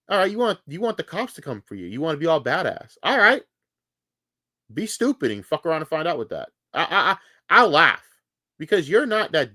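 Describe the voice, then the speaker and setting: A man's voice: fairly high pitch, fairly bright tone, no echo, clean studio sound. A man livestreaming, delivering a heated, profane, taunting rant at a rival.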